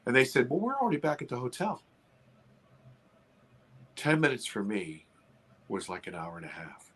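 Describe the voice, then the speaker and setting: Animated man telling a tale. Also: moderate pace, slightly rough. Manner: animated, re-enacts his panic with high excited quotes. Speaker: guest filmmaker. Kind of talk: live podcast interview storytelling.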